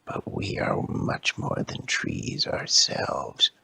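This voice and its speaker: A man voicing slow, deep-talking male mannequin tree creatures in a husky, mostly whispered storytelling voice. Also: bright, forceful tone. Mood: ponderous.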